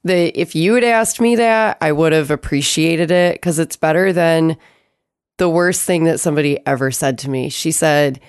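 Low-voiced woman, smooth and matter-of-fact. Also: moderate pace, dry recording, studio quality. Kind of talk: casual chat.

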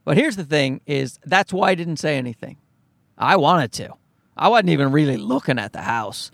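A man's voice: a little high, big pitch swings, moderate pace, vocal fry, fairly bright tone, no echo, clean studio sound. A man telling a story to his viewers as a profane, exasperated rant. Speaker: vlogger. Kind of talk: ranting storytime.

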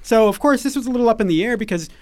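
A man's voice: extremely high pitch, lively intonation, very fast. A man in his forties co-hosting a podcast, steering segments with playful, teasing banter. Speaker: podcast co-host. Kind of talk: casual podcast chat.

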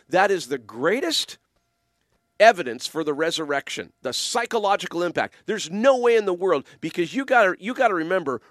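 A minister living in the Ottawa region gives a talk that feels like a casual spoken reflection, earnest and rambling, with emphatic stresses. His voice is high, and the clean studio sound has no echo.

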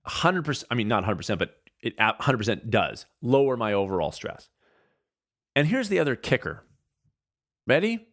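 A man's voice: a little high, fairly bright tone. Male host, casual motivational monologue, earnest, repetitive, stop-start phrasing. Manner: earnest, conversational, repeats phrases for emphasis; restarts and stammers mid-thought.

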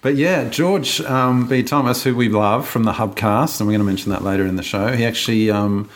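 A man co-hosting a podcast, chatting casually with a relaxed, talkative manner and frequent ums and restarts. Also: medium pitch, brisk. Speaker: podcast co-host.

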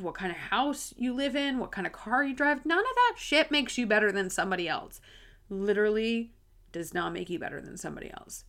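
A candid woman in her thirties hosts a casual solo podcast in a light drawl. She talks bluntly, swears freely and laughs easily between points. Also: fairly high pitch. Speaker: podcast host.

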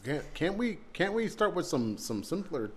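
A woman with a very deep voice whose pitch swings widely, tossing dry wisecracks into a casual chat. There is faint background noise behind her. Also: big pitch swings, moderate pace, a little mellow.

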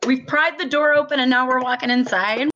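A woman's voice: high-pitched, a little fast, sharp tone, slight background noise. A woman playing in a tabletop game, chatting casually and giggling and teasing the others. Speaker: player. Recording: dull lo-fi audio.

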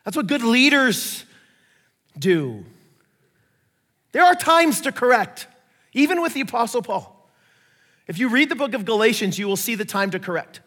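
A man preaching a sermon, telling stories in a lively way and acting out the voices of the people he quotes. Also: very high-pitched, moderate pace, long pauses. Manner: animated storytelling, acts out quoted voices. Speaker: pastor. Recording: echoey hall reverb.

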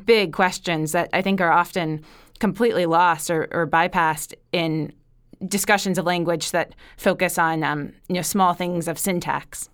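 A woman's voice: lowish voice, fairly even intonation, moderate pace, clean tone. A woman interviewing a guest, thoughtful and searching for her words as she builds long questions. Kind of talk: conversational interview.

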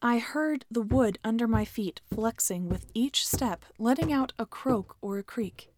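A woman hosting a podcast, reading a scripted horror story in a steady, measured way. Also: a little high, background noise. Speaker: podcast host and narrator.

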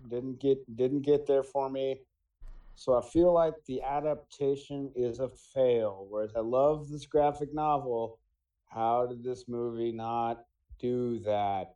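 A man's voice: medium pitch, mellow, low-quality recording. A man on a casual podcast panel, blunt and profane, telling a story with enthusiasm. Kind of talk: casual chat.

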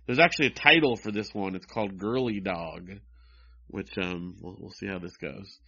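A man's voice: low voice, normal speed, pushed and bright. Wry man reading comics, lo-fi. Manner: wry, mocking, reads dialogue in raised voices. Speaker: co-host reading comic strips. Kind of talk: casual chat, reading aloud. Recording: dull lo-fi sound.

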